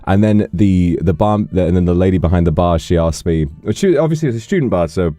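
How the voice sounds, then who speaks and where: A man with a very deep, dark voice hosts a casual live stream, rambling through stories and thanking donors along the way. His sound is dry and close, with no room in it. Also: expressive, fast talker, dry recording, soft background music. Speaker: livestream host.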